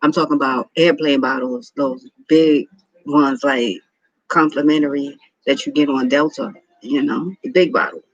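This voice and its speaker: A man's voice: medium pitch, moderate pace, no echo, lo-fi sound. A man in his thirties telling a rambling, profane personal story in a casual monologue. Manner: rambling, profane, repeats himself. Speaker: vlogger.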